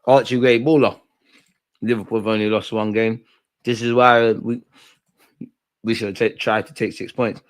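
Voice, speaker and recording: A man's voice: on the low side, steady tone, normal speed, pauses often. A young man hosting a live football watch-along, talking in rambling, opinionated banter. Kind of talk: casual live match commentary.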